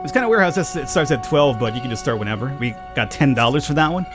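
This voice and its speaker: A man with a low voice giving rambling, casual commentary on a game he is playing, and chatting to the characters on screen. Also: lively intonation, fast talker, over music. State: panicked, high and urgent. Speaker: let's play gamer.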